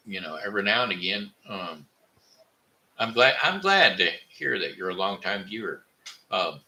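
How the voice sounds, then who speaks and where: A man from Missouri, hosting a casual live stream and talking with his chat in a rambling, halting way full of fillers and restarts. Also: fairly low pitch, sharp tone, rough recording. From Missouri, USA. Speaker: livestream host reading chat.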